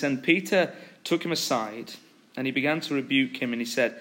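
A man preaching a sermon, retelling a story with animated, acted-out quotes. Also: mid-range voice, fairly quick.

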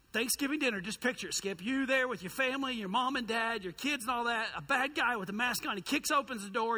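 A man, a youth pastor telling a story in a sermon, lively and humorous, poking fun at himself. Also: sits high.

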